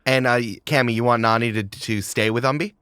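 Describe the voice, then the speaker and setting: A man's voice: medium pitch, steady tone, brisk, pushed and bright, clear, resonant tone, no room sound, clean studio sound. A man narrating as game master of a tabletop game, playful and enthusiastic.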